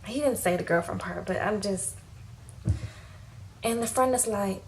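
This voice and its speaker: A woman giving a casual, animated recap of a TV episode, talking in slangy, lively fashion. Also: mid-range voice, unhurried, a little hiss or hum, low-quality recording. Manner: animated, slangy, acts out quotes. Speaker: TV recap vlogger. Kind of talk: casual recap with acted quotes.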